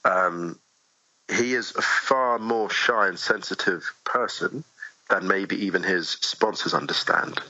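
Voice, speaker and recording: Husky-voiced man chatting as a guest. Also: sits low, slow pace, no echo, dull audio. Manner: animated, chatty, many asides and restarts. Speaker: poet, podcast guest. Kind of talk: casual interview conversation.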